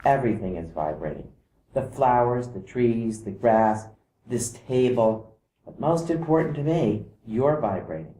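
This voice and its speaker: A man giving a calm explanatory talk to camera. He mimics vibrations by singing short "da" syllables. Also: mid-range voice, unhurried, echoey room, slight background noise, rough recording. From outside Iceland.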